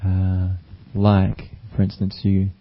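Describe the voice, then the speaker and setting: A male meditation teacher gives a gentle, unhurried dharma talk. His deep voice stays very flat and even. The recording is dull and lo-fi. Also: a little hiss or hum. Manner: gentle, unhurried, with many fillers.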